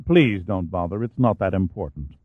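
A man's voice: sits low, animated, normal speed, no room sound. A man voicing a friendly, chatty American historian. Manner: genial, chatty. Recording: dry, tinny phone-like sound.

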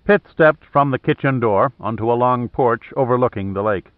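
A man narrating an audiobook in a steady, measured way. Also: mid-range voice, dry recording. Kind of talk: scripted narration. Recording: thin phone-like dry audio.

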